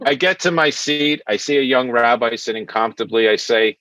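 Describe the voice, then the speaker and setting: A man's voice: mid-range voice, steady tone, moderate pace, hardly any pauses, sharp tone, no echo, highs cut off. A man in his sixties with a thick Brooklyn accent, telling stand-up one-liners over a video call and chuckling at his own jokes. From New York. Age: 60s. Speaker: stand-up comic. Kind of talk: stand-up set. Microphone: computer mic on video call.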